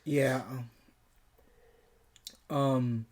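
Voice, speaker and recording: A man co-hosting a casual film podcast, speaking at an average pitch for a man. He rambles a little, drifting between personal asides and the plot, and fills gaps with easy verbal fillers. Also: flat delivery, extremely slow, darkish tone. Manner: chatty, loose, trails off with fillers. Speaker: podcast co-host. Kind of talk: casual movie review chat.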